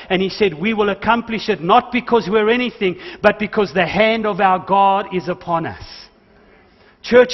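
A man preaching a sermon as pastor, emphatic and calling out to his congregation, mixing in jokes. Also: sits high. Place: church hall. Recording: dull church recording with long hall reverb.

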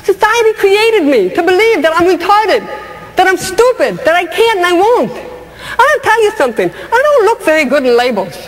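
A woman comedian telling a personal story on stage with an animated, emphatic, punchy delivery. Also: very high voice, a little fast. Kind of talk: stand-up storytelling testimony. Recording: long hall reverb, faint noise.

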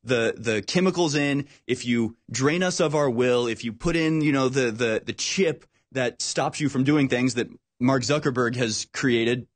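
A man hosting a talk show, speaking in an animated, emphatic way and repeating words when worked up. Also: mid-range voice, measured pace, hardly any pauses. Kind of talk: casual political talk.

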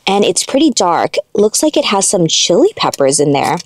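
Chatty excitable woman hosting an eating show. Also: fairly low pitch, moderate pace, dry recording. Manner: chatty and excitable, rambling asides. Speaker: mukbang host. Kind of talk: casual eating-show chat.

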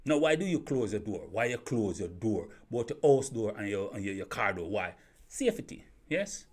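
A man's voice: on the low side, animated, moderate pace, a little mellow, breathy edge. A man giving an opinion monologue as a YouTube commentator, firing rhetorical questions, repeating himself and stumbling over restarts.

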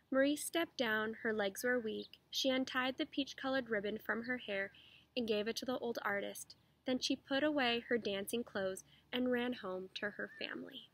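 A woman's voice: fairly high pitch, normal speed, poor audio. Woman reading a children's story aloud. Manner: steady, expressive storytelling.

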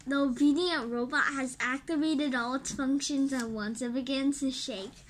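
Woman, storybook narrator, high voice, slow, faint hiss. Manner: slow, expressive read-aloud with small restarts. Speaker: storybook reader. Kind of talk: reading a graphic novel aloud.

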